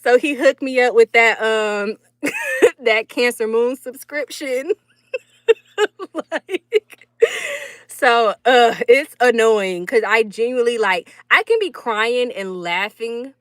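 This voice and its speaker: A woman's voice: a little high, slow pace, a bit bright, no room sound, clean studio sound. Chatty laughing young woman vlogger. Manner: chatty, laughs often, talks straight to viewers. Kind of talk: casual storytelling chat.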